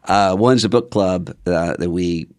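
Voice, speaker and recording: An older man, a podcast guest, telling stories in a thoughtful, measured way. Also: low voice, darkish tone, clear, resonant tone, dry recording, clean studio sound. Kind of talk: casual conversation.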